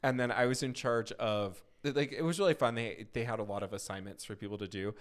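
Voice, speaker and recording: A man's voice: mid-range voice, fairly quick. A man co-hosting a casual chat podcast, telling stories and acting out quotes. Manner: animated storyteller, acts out quotes. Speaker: podcast co-host.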